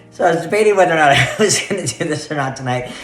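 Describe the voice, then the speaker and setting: A man's voice: on the high side, animated, fast talker, a bit bright. A man telling a story to the camera in a casual vlog, chatty and laughing often as he rambles. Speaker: vlogger. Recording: roomy echo, faint music.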